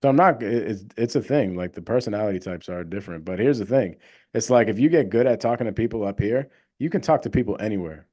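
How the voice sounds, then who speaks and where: A man's voice: lowish voice, expressive, fast talker, warm tone. A young man hosting a casual livestream, talking emphatically and rambling with lots of fillers. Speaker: livestream host, real estate wholesaler.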